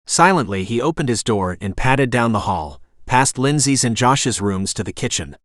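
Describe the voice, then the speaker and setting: A man narrating an audiobook with steady, even storytelling. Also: medium pitch, moderate pace, no echo, studio quality. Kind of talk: scripted narration.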